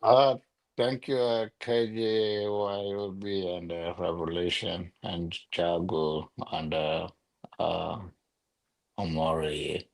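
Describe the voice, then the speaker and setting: A man speaking in an online discussion, slow and hesitant, with many fillers. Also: low voice, fairly even intonation, vocal fry, low-quality recording. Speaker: guest speaker.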